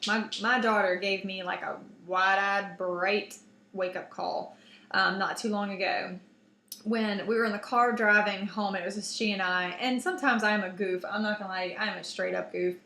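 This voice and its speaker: A woman in her thirties chats as a co-host, telling a lively story full of fillers and restarts. Her voice is bright and carries a roomy echo. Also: mid-range voice, moderate pace. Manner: animated storyteller, chatty with many fillers and restarts. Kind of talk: casual chat. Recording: echoey room.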